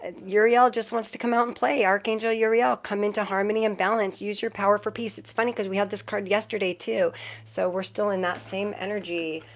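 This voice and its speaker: A woman's voice: medium pitch, flat delivery, a little fast. A woman doing a casual tarot live stream, chatting in a rambling, random way to her viewers and laughing often.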